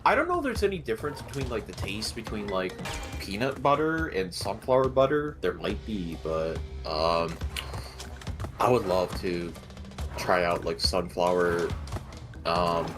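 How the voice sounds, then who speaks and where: Rambling low-voiced man, game music behind. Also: sing-song. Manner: rambling, halting, many fillers, talks while eating. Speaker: stream co-host. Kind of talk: casual chat on a game stream.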